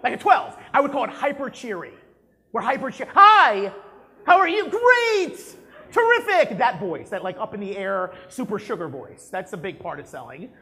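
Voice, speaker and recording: A man giving a live sales talk to an audience, animated, asking the room questions and acting out examples. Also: high voice, fairly quick, creaky.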